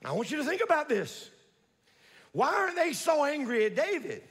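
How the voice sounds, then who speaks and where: A male pastor preaching a sermon, telling the story with animated delivery and calling out to the congregation. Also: very high-pitched, moderate pace, long reverb tail. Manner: builds to shouting at peaks.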